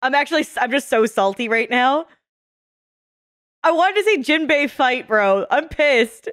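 Excitable high-voiced woman reacting. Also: normal speed, clear, resonant tone, dry recording, clean studio sound. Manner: excitable, swears a lot, frequent laughter. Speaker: anime reaction host. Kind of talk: casual live reaction commentary.

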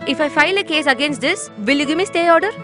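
A woman's voice: high-pitched, expressive, fast. An eager, anxious young woman. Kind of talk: film dubbing. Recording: film audio with loud music.

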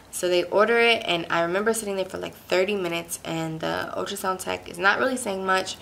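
A woman's voice: fairly low pitch, fairly even intonation, normal speed, vocal fry, fairly bright tone, a little hiss or hum. A young woman from Pittsburgh telling a personal story in a casual, chatty way, full of "like" fillers and emphatic retelling. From Pittsburgh, USA. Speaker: vlogger.

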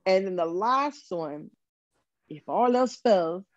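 A woman's voice: mid-range voice, lively intonation, takes it slowly, no echo. A woman as an interview guest, talking frankly and animatedly with lots of fillers and restarts. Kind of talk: casual interview chat. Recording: dull lo-fi recording.

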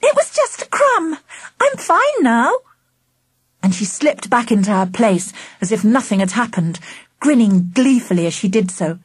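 A woman narrating a children's book in first person, with expressive storytelling. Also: medium pitch, slightly rough, no echo. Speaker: audiobook narrator.

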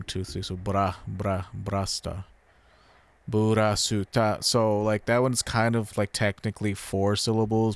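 Low-voiced male streamer explaining pronunciation. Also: clean tone, no room sound. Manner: explains Japanese pronunciation, repeating words slowly. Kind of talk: casual gameplay commentary.

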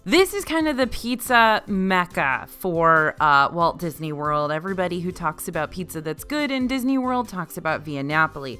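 A woman's voice: mid-range voice, sharp tone. Chatty upbeat woman reviewing food. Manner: chatty, upbeat, laughs at herself. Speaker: food vlog host. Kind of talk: casual food review vlog.

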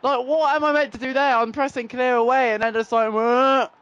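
A young man commentating his own football video game play, swinging between frustrated groans and excited shouts. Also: extremely high pitch, fairly quick, smooth, no room sound, lo-fi sound. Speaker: gaming YouTuber. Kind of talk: live gameplay commentary.

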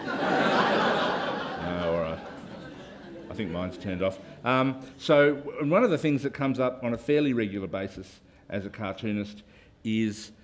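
A man's voice: lowish voice, slight background noise. An Australian man, a cartoonist speaking on a panel, rambling and self-deprecating with many fillers. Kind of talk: casual panel talk.

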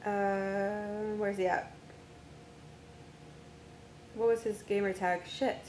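A woman's voice: flat delivery, slow pace, darkish tone. A woman game streamer in casual live-stream chat, muttering to herself and humming as she sorts out who is playing. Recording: echoey room with faint rumble.

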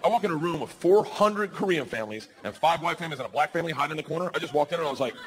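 A man doing a stand-up comedy set on stage, telling crude stories loudly and slipping into squealing voices. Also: a little high, expressive, very fast. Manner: loud, rowdy storytelling with crude jokes and squealing put-on voices. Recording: live venue with crowd laughter.

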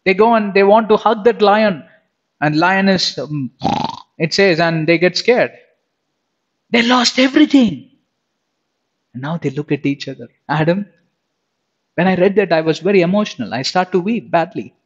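A man's voice: high-pitched, normal speed. A man preaching an emphatic sermon who keeps putting questions directly to his listeners. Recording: dull lo-fi sound.

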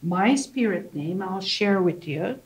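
Slow, patient woman teaching language. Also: medium pitch, animated, poor audio. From Canada. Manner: slow, patient explaining with frequent "okay?" checks. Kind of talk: language lesson.

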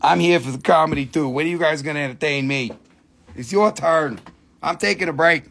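A man's voice: a little high, brisk, creaky, a bit bright. Crude, joking man selling crystals. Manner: crude joking sales patter. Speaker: live sale host. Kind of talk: live shopping stream.

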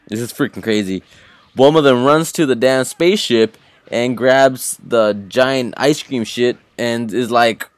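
A man hosting a reaction channel, giving an excited, profane recap of an anime episode and repeating his exclamations. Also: medium pitch, measured pace, dry recording. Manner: hyped, swears often, repeats exclamations.

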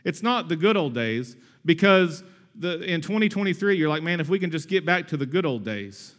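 A man in his thirties preaches to his church with a fairly high voice. He talks energetically and conversationally. He slips in humorous asides along the way. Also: expressive, moderate pace, a bit bright. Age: 30s. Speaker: pastor. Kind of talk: sermon.

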